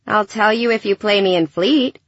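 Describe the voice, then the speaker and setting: A woman's voice: mid-range voice, moderate pace, dry recording, voice pushed up, lightly acted. A woman voicing Gilly, an anxious, eager young girl on a spaceship crew, with a wheedling manner, in an audiobook. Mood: coaxing. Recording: dull dry recording.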